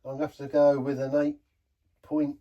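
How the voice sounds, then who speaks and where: A man's voice: fairly high pitch, monotone, normal speed, recorded from a distance, muffled recording. A man giving a casual, rambling beer review, often stopping and restarting his sentences. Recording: voice set back from the mic.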